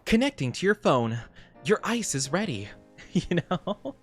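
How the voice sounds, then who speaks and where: A young man streaming a game as a VTuber, chatting casually and rambling with lots of fillers and quick laughs. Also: high-pitched, big pitch swings, slightly rough, faint music behind. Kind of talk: casual chat while playing a game.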